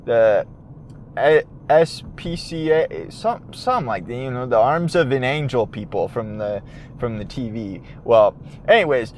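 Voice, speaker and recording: A man hosting a podcast, telling a rambling story in casual chat from his car, animated and swearing, trailing off and restarting. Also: a little high. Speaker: podcast host. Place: in his car, parked then driving. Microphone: handheld audio recorder.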